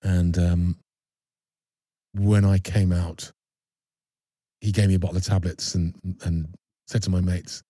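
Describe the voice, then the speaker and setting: Deep husky man, halting storytelling. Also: level tone, warm tone, no echo. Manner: halting, repeats words and restarts often. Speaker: actor guest. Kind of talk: candid personal storytelling.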